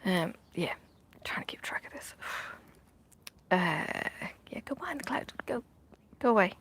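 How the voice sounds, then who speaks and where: A woman's voice: mid-range voice, animated, unhurried, a bit bright, slightly rough. A middle-aged woman, chatting casually while she stitches outdoors in the sun, rambling with many fillers and dropping into half-whispered asides. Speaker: vlogger.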